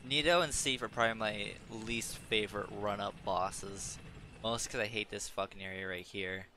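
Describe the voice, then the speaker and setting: A man's voice: on the low side, fairly even intonation, moderate pace, bright, forceful tone, slight background noise. A young man casually commenting on his own gameplay, muttering and swearing at enemies. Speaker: gameplay streamer.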